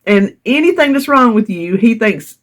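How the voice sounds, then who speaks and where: A woman's voice: on the high side, lively intonation, normal speed. A middle-aged woman, telling a story to her vlog audience in a chatty way and laughing often. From North Carolina, US. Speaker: vlogger. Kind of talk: casual storytelling.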